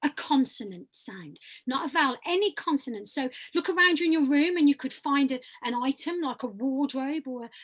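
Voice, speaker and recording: A woman's voice: high voice, animated, fairly quick, few pauses. A woman leading an online voice workshop, encouraging and demonstrating sounds and exercises for the group. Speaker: voice workshop leader.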